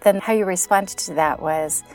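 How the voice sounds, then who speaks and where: A woman host in a casual conversation, telling stories with lively energy, laughing often and acting out voices as she recounts dialogue. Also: on the low side, normal speed, soft background music. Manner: animated storyteller, laughs often, acts out her child's voice.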